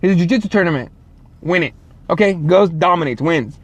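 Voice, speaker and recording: A man's voice: on the high side, fairly quick, no room sound, highs cut off. A man hosting a casual solo show, rambling and swearing, full of fillers and restarts. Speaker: show host.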